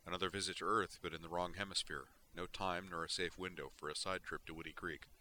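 A man narrating a story in a steady, expressive reading style. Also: sits low, fast, a little hiss or hum. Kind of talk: audiobook reading of fan fiction.

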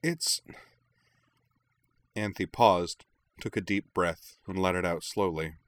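A man narrating a story aloud in a measured, quiet way. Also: deep voice, fairly even intonation, no echo. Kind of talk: reading fiction aloud.

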